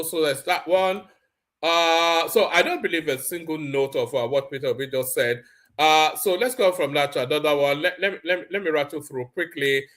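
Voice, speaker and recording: Male host, slightly high pitch, opinionated live commentator who reads out headlines.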